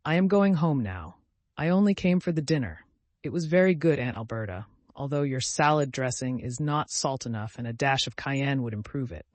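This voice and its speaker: Male reader doing a bold young woman with a sharp tongue, audiobook, dry booth. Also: mid-range voice, animated, normal speed, no room sound, natural voice. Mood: defiant. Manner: tart, cutting retorts.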